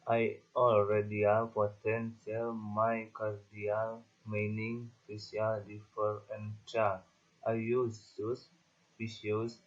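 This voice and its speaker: A man with an Indonesian accent slowly reads lists of example words for a class presentation. His voice is low and husky, in a flat monotone. The recording sounds dull and lo-fi. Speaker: student presenter.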